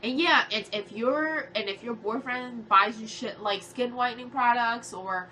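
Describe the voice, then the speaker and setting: A woman's voice: a little high, a little slow, sharp tone. A woman in her early twenties with a nasal voice, tearful as she rants to her viewers, heated and swearing, rambling with many fillers. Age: 20s. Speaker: vlogger. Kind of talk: emotional rant to camera.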